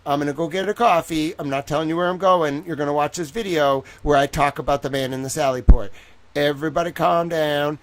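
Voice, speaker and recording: A man from Boston with a Boston accent, hosting a casual livestream chat in an excitable, rambling way, swearing freely. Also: fairly high pitch, brisk, slight background noise. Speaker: livestream host.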